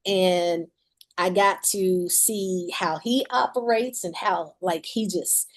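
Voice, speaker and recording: Slow and steady in tone, with a fairly low pitch, a woman in her forties tells a personal story candidly during an interview. She is a musician and author, and she laughs frequently as she speaks.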